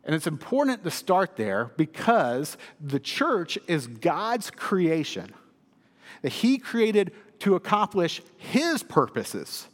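A male pastor giving a sermon in a church, telling stories with lively humor. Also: high-pitched, slow pace. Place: church sanctuary. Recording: long hall reverb.

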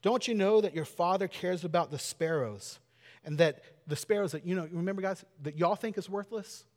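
Man playing calm gentle teacher, quiet probing questions, slightly high voice, long hall reverb. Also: moderate pace, close to an everyday voice.

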